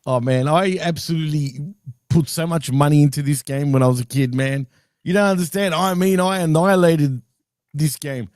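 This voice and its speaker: A man with a fairly high voice talks in a relaxed, excited way, laughing easily as he reminisces. The sound is close and dry, with no room around it. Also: moderate pace, dry recording. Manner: enthusiastic, laughs often, nostalgic. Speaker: podcast co-host. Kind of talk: casual chat.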